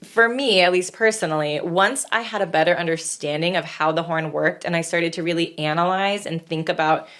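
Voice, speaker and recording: Female podcast co-host, lowish voice, chatty, quick to laugh, horn teacher. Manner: chatty, laughs often, lively storytelling. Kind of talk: casual podcast chat.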